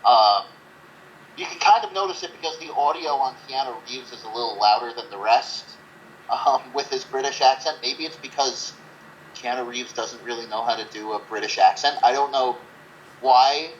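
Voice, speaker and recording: A man's voice: mid-range voice, moderate pace, muffled recording, slight background noise. A man co-hosting a casual movie review podcast, rambling with lots of fillers and swearing. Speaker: podcast co-host.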